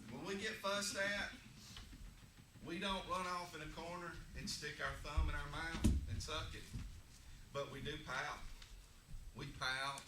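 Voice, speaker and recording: A man's voice: fairly high pitch, steady tone, unhurried. Folksy man teaching a church class. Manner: folksy, joking, drawling asides. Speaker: Sunday school teacher. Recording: echoey room, distant mic, noisy.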